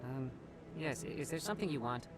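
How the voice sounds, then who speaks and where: A man's voice: medium pitch, animated, a little fast, natural voice. A man voicing a nervous, secretive researcher in video game dialogue, hesitant and evasive.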